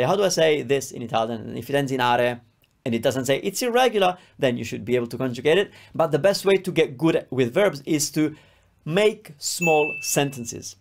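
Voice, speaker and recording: A man teaching a beginner language lesson, explaining patiently and drilling words aloud with clear stress. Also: mid-range voice, a little fast. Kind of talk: recorded online lesson.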